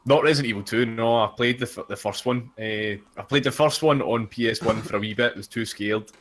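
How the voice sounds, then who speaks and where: A man's voice: mid-range voice, fairly quick, a bit bright. A Scottish man talking easily as a podcast guest. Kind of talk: casual chat.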